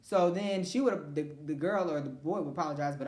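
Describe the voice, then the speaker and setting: A woman's voice: low voice, a little fast, darkish tone. A woman rants about her pet peeves in a blunt, profane, emphatic way. She acts out what other people said as she tells it. Her voice bounces around an echoey room. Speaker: vlogger. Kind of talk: casual rant to camera.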